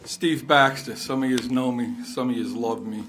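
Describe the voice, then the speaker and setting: A man's voice: medium pitch, moderate pace, noisy background. A man speaking for the rec commission at a council meeting, pointed and questioning, at a podium microphone. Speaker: resident representing the rec commission. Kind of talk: public meeting comment.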